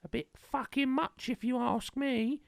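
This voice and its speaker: A man's voice: extremely high pitch, fairly even intonation, unhurried, gravelly, dry recording, studio quality, voice pushed up, heavily acted. A man putting on the voice of a menacing female game villain, sneering and threatening.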